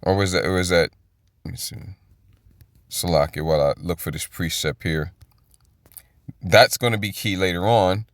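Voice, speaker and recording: A man's voice: sits low, moderate pace, pauses often, a bit bright, no echo. A man giving casual Bible commentary, emphatic and rhetorical, often checking in with "okay?". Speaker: Bible teacher.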